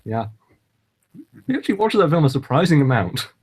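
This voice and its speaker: A man's voice: a little high, very animated, a little fast, slightly rough. A man co-hosting a casual podcast chat, teasing his co-host in a dry way.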